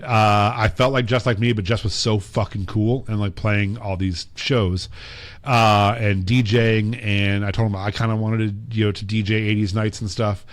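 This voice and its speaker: A man's voice: on the low side, steady tone, moderate pace, no echo. A man co-hosting a podcast, telling long casual stories with lots of fillers and acted-out quotes. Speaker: podcast co-host. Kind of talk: casual storytelling chat.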